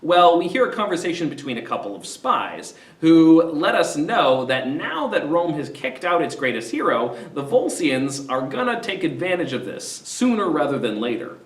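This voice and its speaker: Animated man summarizing a play. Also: a little high, normal speed, hardly any pauses. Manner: animated, retells scenes with voices. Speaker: literature discussion host. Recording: roomy echo, mic at a distance.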